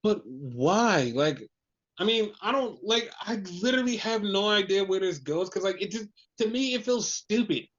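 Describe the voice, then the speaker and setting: A man's voice: high-pitched, moderate pace. A man co-hosting a podcast, chatting casually and animatedly about wrestling, swearing freely and acting out what others said. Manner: animated, swearing, acts out quotes. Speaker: podcast co-host. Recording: dull lo-fi podcast audio.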